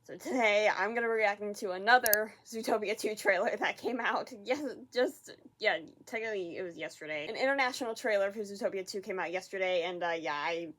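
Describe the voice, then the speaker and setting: A woman hosting a casual reaction vlog, excitable and giggly, often repeating herself in quick bursts. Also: mid-range voice. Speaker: reaction video host.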